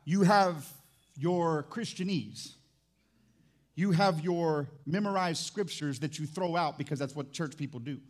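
A man preaching a sermon as pastor in a church, animated and jokey, swinging from loud excitement to quiet emphasis. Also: on the high side, unhurried. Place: church sanctuary.

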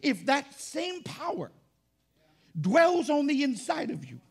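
A man preaching a sermon as pastor, emphatic and rising to shouts. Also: extremely high pitch, huge pitch swings, takes it slowly, gravelly.

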